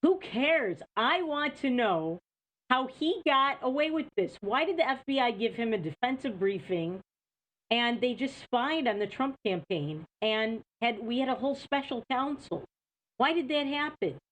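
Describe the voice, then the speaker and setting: A woman's voice: on the high side, lively intonation, measured pace, fairly bright tone, rough recording. A woman hosting a talk show, giving opinionated political commentary full of indignant rhetorical questions.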